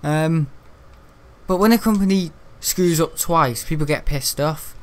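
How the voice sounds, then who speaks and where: Chatty man with a higher voice. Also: a little slow. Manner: rambling and grumbling, with frequent laughter. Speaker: gaming live streamer. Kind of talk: casual livestream chat while playing.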